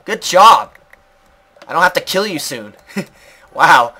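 A man giving let's play commentary, rambling to himself and the game with sudden loud outbursts. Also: fairly high pitch, animated, takes it slowly, breathy edge. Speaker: gaming video creator.

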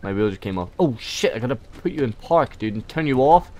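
A man giving casual let's play commentary, excitable, swearing and joking as he plays. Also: mid-range voice, brisk. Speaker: gamer playing through a game.

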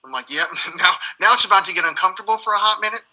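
A man's voice: sits high, rapid-fire, bright, forceful tone, low-quality recording. A man, a military veteran, telling rambling stories as a guest in conversation, swearing and acting out the dialogue as he goes. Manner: profane, heated, acts out dialogue.

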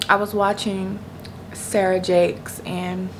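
A woman's voice: mid-range voice, flat delivery, slow. Young woman vlogger, chatty and slangy, casual to-camera talk from bed, noticeable room noise behind her. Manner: chatty, slangy, addresses viewers as "y'all". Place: at home in bed. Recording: noisy room ambience behind voice.

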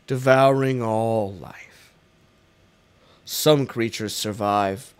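A man reading game lore aloud as a solemn, ghostly ancient alien elder, slow and grave. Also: lowish voice, pitched below the performer's own voice.

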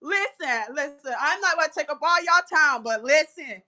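Woman, motivational speaker, loud, passionate, preacher-like, bright ringing tone. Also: high voice, animated, normal speed. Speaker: audience speaker in an online audio room.

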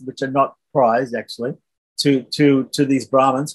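A man's voice: medium pitch, fairly even intonation, normal speed, husky. A man teaching a scripture class, retelling a story in a conversational way and often checking in with the listeners. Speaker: religious teacher.

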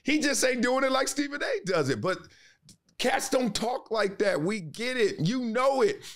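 A man speaking as a guest in a casual interview, animated and emphatic, with a slangy way of talking. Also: extremely high pitch, moderate pace. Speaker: podcast guest, sports commentator.

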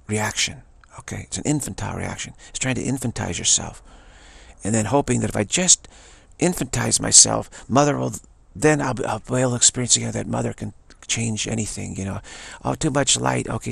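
A man giving a rambling spiritual talk, digressive and halting, restarting his sentences often. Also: mid-range voice, vocal fry, fairly bright tone, husky, dry recording. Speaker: spiritual teacher. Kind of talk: rambling spoken monologue.

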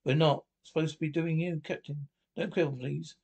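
A man reading a comedy film script aloud, voicing several characters in quick back-and-forth exchanges. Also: on the high side, fairly even intonation, gravelly, darkish tone, breathy edge.

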